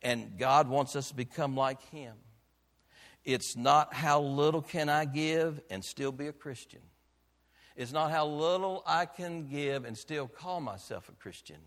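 A man preaching a sermon as pastor, emphatic, with rhetorical questions, swinging between loud declarations and quiet, earnest passages. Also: on the high side, a little slow, in a large hall. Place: church sanctuary.

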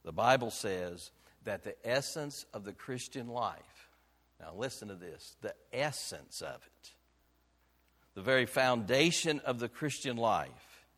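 A male pastor delivers a sermon in a church sanctuary, his voice trailing off in a long hall reverb. He preaches emphatically, firing rhetorical questions and shifting between loud declarations and quiet, earnest passages. His pitch sits in an ordinary middle range for a man.

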